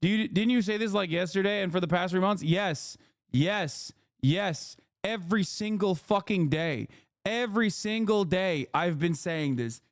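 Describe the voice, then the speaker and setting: A man's voice: high-pitched, measured pace, no echo, clean studio sound. A man streaming from his living room, giving profane, exasperated political commentary. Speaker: Twitch streamer.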